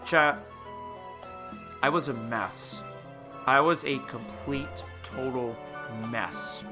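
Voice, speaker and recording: A young man streaming live, talking casually to his chat in an emotional, rambling way, often saying dude. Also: on the high side. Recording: clear music playing behind. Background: music playing.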